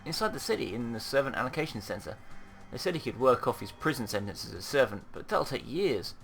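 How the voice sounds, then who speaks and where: A man reading the lines of a worried young woman whose husband was arrested, speaking in a halting, anxious way. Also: medium pitch, big pitch swings, a bit bright, faint music behind. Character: upset young wife, worried about husband.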